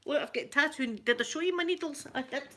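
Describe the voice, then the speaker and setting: A woman's voice: sits high, fast, noisy background. A middle-aged Scottish woman chatting casually to her viewers as an ASMR channel host, rambling and poking fun at herself. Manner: chatty, self-mocking, rambling.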